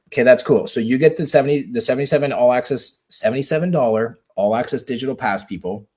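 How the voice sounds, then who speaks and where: A man's voice: medium pitch, quick pace, few pauses, darkish tone. A man hosting a casual live stream on a close mic. He talks chattily, keeps checking in with the viewers and sounds upbeat. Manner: upbeat, asks viewers for a hallelujah. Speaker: livestream host. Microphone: close personal mic.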